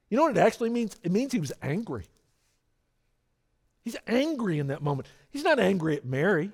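Lively pastor preaching earnestly. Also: male voice, high-pitched, fairly quick. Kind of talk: sermon.

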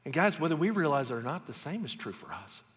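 A middle-aged man preaches a sermon, his voice sitting a bit high and moving around a lot. He tells stories in an easy, conversational way, and the long reverb of a large hall trails behind him. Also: quick pace. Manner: storytelling, animated and conversational. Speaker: pastor.

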